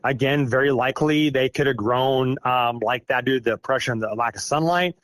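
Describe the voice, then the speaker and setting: A man's voice: medium pitch, brisk, fairly bright tone, no room sound. A middle-aged man from Iowa tells a long personal story as a podcast guest, in an ordinary mid-range voice. He rambles, laughs at himself and fills gaps with "uh" and "like". The sound is dry and close, with no room around it. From Iowa, United States. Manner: rambling, self-deprecating, with frequent fillers. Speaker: guest recounting an encounter. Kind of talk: casual storytelling.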